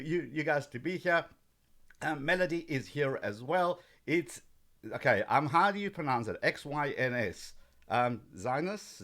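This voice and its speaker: A man's voice: fairly high pitch, a bit bright. A man hosting a casual live training stream, chatty and upbeat, greeting viewers by name with frequent ums. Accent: South African.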